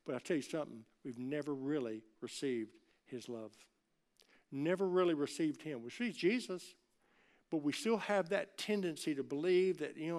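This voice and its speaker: A man preaching a sermon in a church, talking with the congregation in an easy, conversational way. His voice sits a little higher than most men's. He swings from loud, emphatic peaks down to soft, low asides. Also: expressive, moderate pace. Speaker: pastor.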